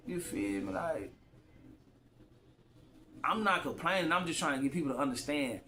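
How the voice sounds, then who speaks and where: A man's voice: on the high side, lively intonation, moderate pace, long pauses, pushed and bright. Rambling man vlogging into his phone. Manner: loose, rambling street slang, repeats himself. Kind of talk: casual rambling monologue to camera.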